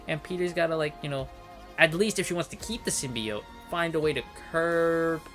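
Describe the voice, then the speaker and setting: In this ranting review, a comic book commentator tears into his subject with profanity and anger, hammering the same points again and again. His voice sits on the high side and sounds a bit bright.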